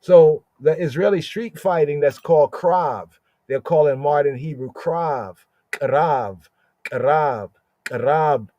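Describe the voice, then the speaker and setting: Slow, dark-voiced man teaching scripture. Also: on the high side, no echo. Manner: repeats words with frequent "right?" tags, sounds out Hebrew slowly.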